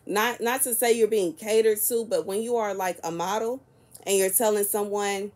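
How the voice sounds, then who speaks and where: A woman in her early thirties, talking casually to camera in a soft-spoken, chatty and rambling way. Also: medium pitch, normal speed. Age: 30s. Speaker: prophetic content creator.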